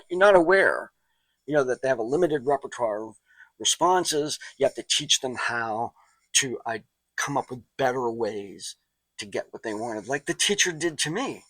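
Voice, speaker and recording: A man's voice: mid-range voice, a bit bright, no room sound, rough recording. A man giving a recorded college psychology lecture in a loose, conversational way, with asides and anecdotes. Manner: conversational, digressive, with asides and quick impressions.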